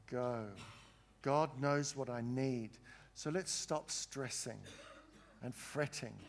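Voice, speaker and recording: A man preaching a sermon, earnest, pausing for emphasis and putting questions to his congregation. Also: mid-range voice. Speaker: pastor.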